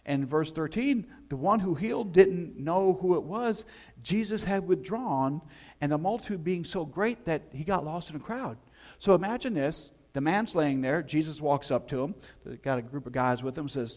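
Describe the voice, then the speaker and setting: A man preaching a sermon as pastor, telling the story in an animated way and putting questions to the congregation. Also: a little high, moderate pace.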